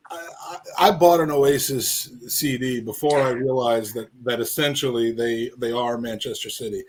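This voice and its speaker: A man's voice: mid-range voice, slight background noise. A man hosting a podcast as a casual live-stream chat, rambling and joking with many restarts. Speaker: podcast host.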